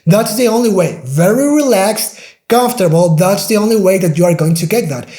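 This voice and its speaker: A native Spanish-speaking man with a Spanish accent, patiently teaching pronunciation and repeating each sound slowly to demonstrate it. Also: sits high, expressive, mellow, reverberant. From Spain. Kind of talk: pronunciation lesson.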